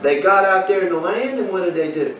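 High-voiced teacher, echoey room. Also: male voice, animated, fairly quick, a bit bright. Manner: asks the class questions, folksy storytelling. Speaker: Bible teacher. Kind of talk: Bible class teaching. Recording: echoey room from far off, faint noise.

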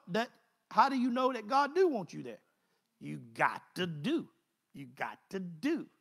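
A man's voice: very high-pitched, fairly bright tone. A man preaching a conversational sermon, folksy and repeating phrases in driving bursts.

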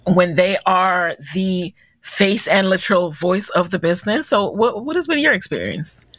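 A woman hosts a podcast and asks her guest questions in a measured, encouraging way. Her voice sits a little low. The recording is dry and close, with no room sound. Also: animated, a bit bright, no echo. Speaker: podcast host. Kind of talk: interview questions.

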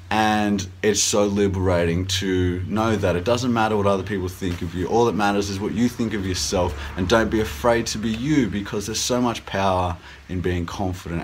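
A man's voice: fairly low pitch, slight background noise. Earnest man giving pep talks. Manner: earnest, repetitive, upbeat and encouraging. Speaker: vlogger giving life advice. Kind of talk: casual motivational talk to camera.

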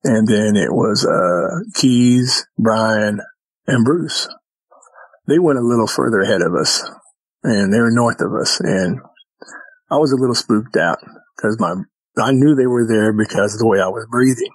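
A man's voice: on the low side, measured pace, husky, no echo, rough recording. A man who is a podcast guest, telling a story in casual chat and acting out the exchanges with vivid detail.

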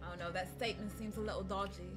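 A woman hosting a gaming stream, laughing a lot and shouting when things go wrong. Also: mid-range voice, fairly even intonation, fast talker, music in the background. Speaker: streamer host. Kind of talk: casual gaming chat.

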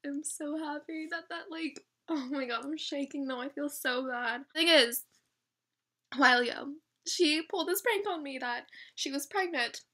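Teen girl vlogger, super high bright voice, says like and oh my god nonstop. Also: normal speed. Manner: gushing, peppered with "like" and "oh my god". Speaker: vlogger pulling a prank call. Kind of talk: casual phone chat.

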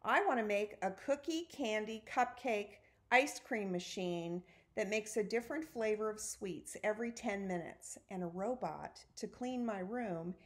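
A woman reading a storybook aloud, voicing an eager, excitable young boy who exclaims often. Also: mid-range voice, a little slow, few pauses, close to an everyday voice. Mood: excited.

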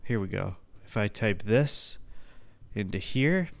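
A man's voice: on the low side, lively intonation, slow pace, gravelly. A man hosting a podcast on his own, rambling and swearing in a jokey, casual way. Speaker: podcast host. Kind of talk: casual solo podcast rant.

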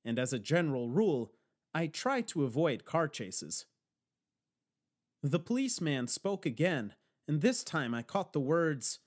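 A man's voice: medium pitch, sing-song, unhurried. A man narrating a first-person audiobook with wry, dry storytelling.

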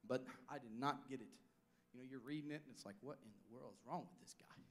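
A pastor preaching a sermon, swinging from loud declarations down to hushed asides. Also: male voice, mid-range voice, fast talker.

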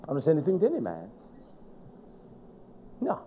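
Stern preaching man, dark-toned voice. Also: fairly high pitch, huge pitch swings, normal speed, a little hiss or hum. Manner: stern, scolding, shouts at times. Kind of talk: sermon.

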